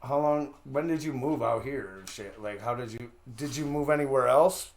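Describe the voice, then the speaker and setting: A man's voice: medium pitch, moderate pace, a crowd in the background. A man hosting a casual interview, who laughs often and stumbles and stutters through his questions. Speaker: interview host.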